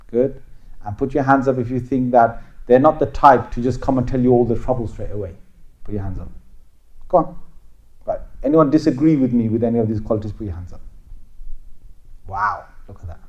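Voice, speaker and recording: A man's voice: medium pitch, normal speed, pauses often. A man giving an interactive Islamic lecture, talking conversationally and quizzing his listeners with show-of-hands questions. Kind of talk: interactive religious lecture to a live audience. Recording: dull lo-fi lecture recording.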